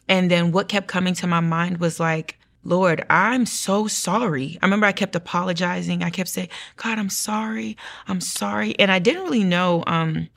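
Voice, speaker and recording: A young woman tells her testimony in an interview, her voice sitting a little low. She talks in a lively, storytelling way, jumping up in pitch when she acts out her own past words. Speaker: guest sharing testimony.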